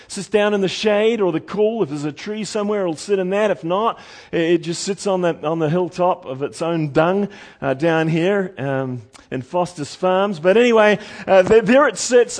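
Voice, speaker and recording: A man preaching a sermon in a folksy way, repeating words and swinging from loud emphasis to hushed lines. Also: high voice. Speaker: pastor.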